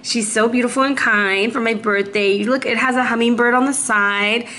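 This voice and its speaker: A woman in a warm room giving a chatty tarot reading straight to the viewer. Her voice sits fairly high, and she sounds slightly out of breath. The recording has a roomy echo with faint noise behind it. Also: fairly even intonation, moderate pace. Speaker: tarot reader. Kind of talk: casual tarot reading to camera.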